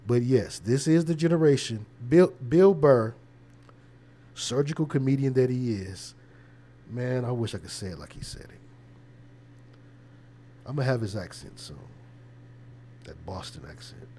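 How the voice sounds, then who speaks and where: A man's voice: mid-range voice, moderate pace, long pauses, dark tone, slight background noise. Conversational preacher man, repeating himself. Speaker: preacher and show host. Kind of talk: casual livestream commentary.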